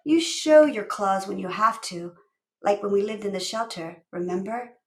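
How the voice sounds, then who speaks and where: A woman voicing a bright, playful young schoolgirl who loves big words, in an eager, teasing manner. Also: medium pitch, normal speed, close to an everyday voice. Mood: chirpy, teasing.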